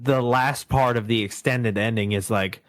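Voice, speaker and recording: A man's voice: mid-range voice, normal speed, no room sound. A man co-hosting a casual podcast chat, retelling scenes with a laugh and quoting characters as he goes. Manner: laughing, animated retelling with quoted voices. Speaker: podcast host.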